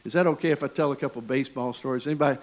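A man with an East Tennessee Southern accent preaching a sermon, folksy and animated, with jokes and asides to the congregation. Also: mid-range voice, racing, poor audio. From Michigan. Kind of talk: sermon with personal stories.

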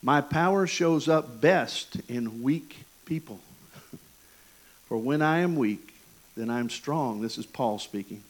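A man with an East Tennessee Southern accent preaching a sermon, folksy and animated, with jokes and asides to the congregation. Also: medium pitch, takes it slowly, rough recording. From Michigan. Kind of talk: sermon with personal stories.

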